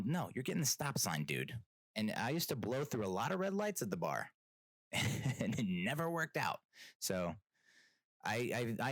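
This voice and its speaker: A man hosts a solo comedy podcast, rambling through a story with self-deprecating jokes and exasperated asides. His voice sits a little low. The sound is dry and close to the mic. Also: fairly bright tone, no echo. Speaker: podcast host.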